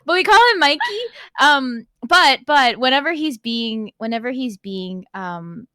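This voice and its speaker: Giggly high bright woman. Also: unhurried, clean tone, no room sound, clean studio sound. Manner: giggly, playful. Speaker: streamer. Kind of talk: casual chat on a stream.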